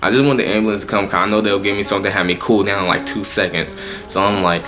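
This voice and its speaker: A man's voice: on the low side, steady tone, fast, music in the background. A young man telling a personal story in a casual, profane monologue, full of slang and stumbling restarts. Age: young adult.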